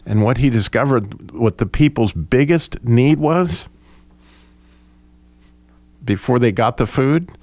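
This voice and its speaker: A man's voice: medium pitch, takes it slowly, long pauses, a little mellow, no echo. A man in a casual group discussion, speaking reflectively with frequent restarts. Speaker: discussion participant.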